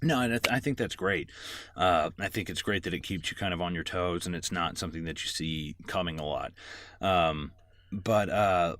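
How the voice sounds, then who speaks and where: A man with a deep, low voice chats casually on a movie podcast. He recaps scenes in a loose, rambling way, full of "um" and "you know" and the odd curse. The sound is close and dry, with no room in it. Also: a bit bright, no echo. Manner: rambling recaps with many fillers, swears a lot. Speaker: podcast co-host.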